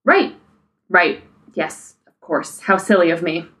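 Woman reading as a laid-back, affectionate young man in a storybook; slightly lowered voice. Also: lively intonation, slow, fairly bright tone. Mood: awkward.

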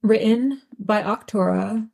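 A woman's voice: mid-range voice, slow pace, creaky, a little mellow. A woman reading a fan audiobook aloud with wry, dry storytelling. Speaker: audiobook reader.

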